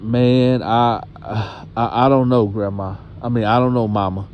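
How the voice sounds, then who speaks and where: A man's voice: on the low side, fairly even intonation, a little slow, muffled recording, a little hiss or hum, close to an everyday voice. A man voicing a frightened, ashamed teenage girl who stammers and hesitates. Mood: hesitant.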